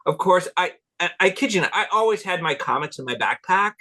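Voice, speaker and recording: A middle-aged man guesting as a cultural anthropologist tells rambling stories a little fast, his high-pitched, sharp voice full of lively intonation. The interview is relaxed, and he laughs often while acting out people's words.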